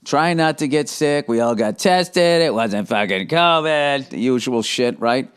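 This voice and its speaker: A man in his fifties with a Boston accent, hosting a podcast with a profane, exasperated comedic rant and quick impressions of others. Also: medium pitch, lively intonation, clear, resonant tone. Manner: profane, exasperated, mimics others mid-story. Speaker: podcast host. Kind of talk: comedic ranting monologue.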